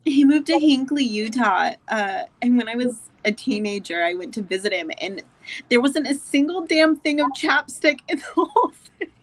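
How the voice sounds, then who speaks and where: Woman client, high and lively voice, slightly dull audio. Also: normal speed. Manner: lively, laughs easily. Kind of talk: casual conversation.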